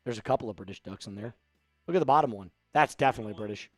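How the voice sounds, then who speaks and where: A man's voice: fairly low pitch, rapid-fire, no echo, soft background music. A man hosting a casual live stream, joking around and reading out viewer messages. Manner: joking, reads out viewer chat. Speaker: livestream host.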